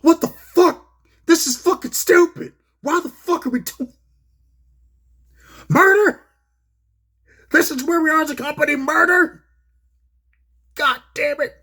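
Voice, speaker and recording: A man impersonating an older male wrestling commentator who is furious, yelling exasperated and profane. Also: extremely high pitch, unhurried, long pauses, voice pushed up, exaggerated voice. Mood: outraged.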